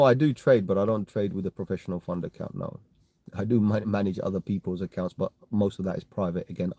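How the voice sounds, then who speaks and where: A man's voice: lowish voice, mellow, no room sound. A man with a London accent chatting casually on a live stream, answering viewer comments in a rambling way and often tagging on "right?" and "you know what I mean". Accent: London English. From London, England. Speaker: crypto live-stream host.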